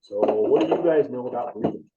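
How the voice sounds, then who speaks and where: Speaking at medium pitch, expressive and fairly quick, a man runs a casual, informal EMT class and keeps asking his students questions. The room recording sounds dull and far off.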